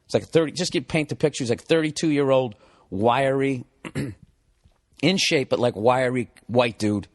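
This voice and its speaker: A podcast host tells a story on his show in a casual, comedic way, swearing a lot and sounding exasperated as he acts out both sides of an argument. His voice is medium-pitched and unhurried.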